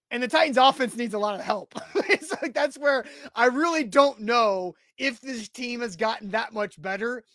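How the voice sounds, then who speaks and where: A man's voice: sits high, a bit bright, no room sound, studio quality. A man co-hosting a sports podcast in casual chat, teasing his co-host and laughing often. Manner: teasing, laughs often, speeds up when making a point.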